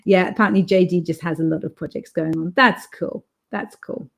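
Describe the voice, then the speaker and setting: A woman's voice: lowish voice, fairly even intonation, brisk, gravelly. A young woman hosting an author livestream, chatting casually and reading viewer comments aloud, rambling with fillers and restarts.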